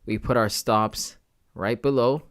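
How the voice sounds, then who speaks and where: A young man hosts a live trading stream in an easy, casual way. He thinks out loud and keeps talking straight to his chat, calling them guys and bro. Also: lowish voice, unhurried, smooth. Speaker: trading livestream host.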